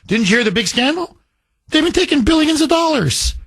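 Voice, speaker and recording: Emphatic high-voiced male radio host. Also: expressive, a little fast, a bit bright, no room sound. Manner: emphatic, repetitive, combative. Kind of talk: call-in talk radio.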